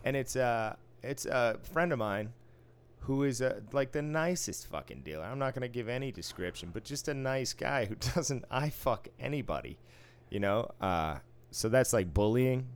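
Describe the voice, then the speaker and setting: A man's voice: medium pitch, expressive, moderate pace, smooth. Profane man telling a casino story. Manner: profane, wry, acts out quoted exchanges. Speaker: casino floor supervisor. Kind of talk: casual storytelling chat.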